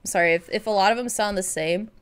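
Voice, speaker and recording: A woman's voice: medium pitch, fast talker, clear, resonant tone. A woman commenting casually while playing a story game, chatty and self-deprecating. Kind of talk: let's play commentary reading dialogue.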